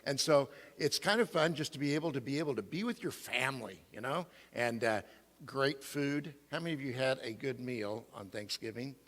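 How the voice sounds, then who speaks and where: A man's voice: medium pitch, lively intonation, normal speed, fairly bright tone. A middle-aged male pastor giving a playful sermon and quizzing the congregation. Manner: playful, asks the congregation questions. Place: church sanctuary. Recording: long reverb of a church hall.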